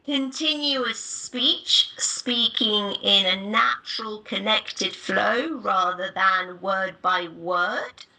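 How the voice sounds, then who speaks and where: A woman teaching a live online class, explaining pronunciation points in a clear, deliberate way. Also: medium pitch, pushed and bright, poor audio.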